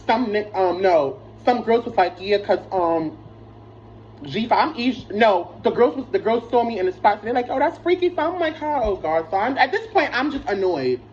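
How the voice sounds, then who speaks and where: A woman's voice: mid-range voice, lively intonation, normal speed, a little mellow. A young woman telling a rambling, profane storytime, full of restarts and fillers. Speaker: vlogger. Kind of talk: casual storytime. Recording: slightly dull lo-fi sound with faint noise.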